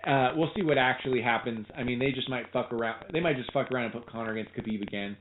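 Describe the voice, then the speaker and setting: A man co-hosting a podcast in casual sports chat, rambling and animated, often restarting his sentences. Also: mid-range voice, fast. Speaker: podcast co-host. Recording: tinny phone-like line with faint noise.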